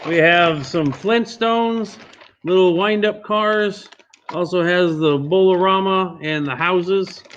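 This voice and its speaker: A man running a live online charity auction, calling and repeating bids briskly. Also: high voice, a bit bright, slight background noise. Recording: dull lo-fi stream audio.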